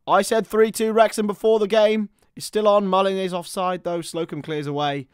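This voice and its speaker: A man giving live football commentary, chatty with listeners and bursting into shouts at chances and goals. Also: high-pitched, flat delivery, moderate pace, smooth, no echo, clean studio sound.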